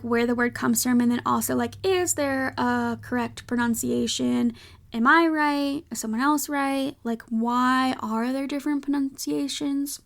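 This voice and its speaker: A woman's voice: sits high, creaky. A woman hosting a casual podcast, a reading teacher talking in a chatty, playfully opinionated way full of fillers. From United States. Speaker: podcast host.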